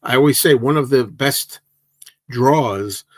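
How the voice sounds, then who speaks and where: Man, sixties, livestream host, casual rambling chat, hesitant, mid pitch, dry close sound. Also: takes it slowly, no room sound. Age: 60s. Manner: rambling, hesitant, many fillers and restarts.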